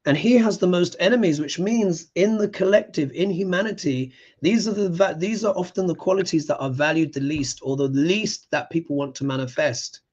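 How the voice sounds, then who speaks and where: Man, fairly high voice, heated and emphatic, live tarot reader, dull muffled audio. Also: normal speed, hardly any pauses, a little mellow, husky. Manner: impassioned, ranting, emphatic. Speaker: astrology show host. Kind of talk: live-stream tarot reading and commentary.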